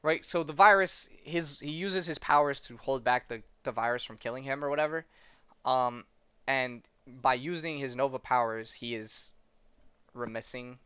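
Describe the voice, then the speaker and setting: Male podcast host, smooth voice, loose rambling delivery, dry slightly muffled mic. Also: mid-range voice, normal speed, bright, forceful tone, no echo. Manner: rambling, laid-back, laughs at his own jokes. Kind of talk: casual chat retelling a comic plot.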